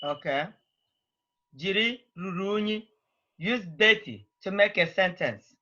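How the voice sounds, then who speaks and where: A woman's voice: mid-range voice, lively intonation, slow pace, sharp tone, lo-fi sound. A woman teaching a language class over a video call, speaking. She prods students patiently and repeats her phrases.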